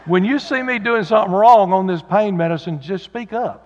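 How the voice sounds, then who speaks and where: A man's voice: high-pitched, animated, a little fast, hardly any pauses, a little mellow. A man preaching a sermon as pastor, folksy and joking, with lots of fillers. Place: church sanctuary. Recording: dull sound with long hall reverb.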